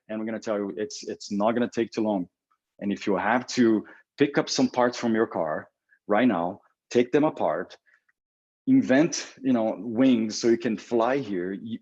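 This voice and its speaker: A man who is an agency creative director, giving an energetic motivational talk. He restarts often and acts out both sides of imagined phone calls. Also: fairly low pitch, highs cut off. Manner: halting, with many restarts and fillers.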